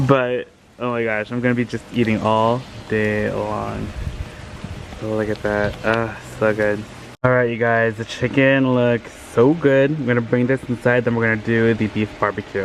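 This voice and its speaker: This vlogger's voice is fairly low. Cheerful and eager, he films a laid-back tour of his house on a handheld camera, inside and out in the yard, with slight noise in the background.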